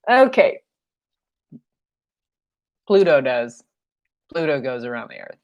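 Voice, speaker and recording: A woman's voice: a bass voice, big pitch swings, measured pace, long pauses, muffled recording. A young woman teaching a painting class on a live stream, chatty and jokey, often laughing at her own asides. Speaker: paint night instructor.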